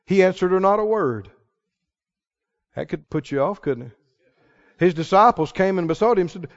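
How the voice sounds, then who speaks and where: A man preaching a sermon who rises into shouts and calls out questions to the congregation. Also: high voice, normal speed, long pauses, muffled recording.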